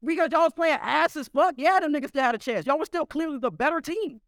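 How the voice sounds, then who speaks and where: Fast, high-voiced man arguing loudly. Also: no room sound, clean studio sound. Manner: loud, profane, repeats himself insistently. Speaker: sports debater. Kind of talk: heated casual sports argument.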